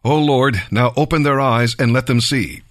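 A man voicing a calm, confident prophet in a Bible reading, speaking slowly and evenly. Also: medium pitch, dry recording, clean studio sound, lightly acted.

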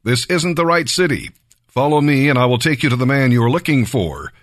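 A man voicing a calm, confident prophet in a Bible reading, speaking slowly and evenly. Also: medium pitch, dry recording, studio quality, natural voice.

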